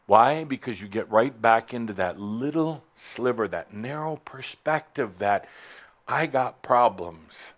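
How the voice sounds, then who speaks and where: A man's voice: lively intonation, unhurried. Playful, provocative man addressing a live audience. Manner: playful and provocative, with big sudden swings in pitch and loudness. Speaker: spiritual teacher speaking to a live audience. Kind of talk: live spiritual talk to an audience. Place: warm hall with doors, in front of an audience.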